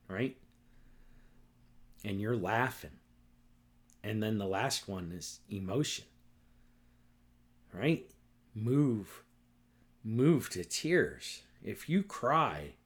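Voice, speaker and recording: A middle-aged man hosting a solo podcast, ranting angrily and with lots of profanity, often tagging his points with "right?" and "okay?". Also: fairly low pitch. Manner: repetitive, keeps asking "right?" and "okay?". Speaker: podcast host.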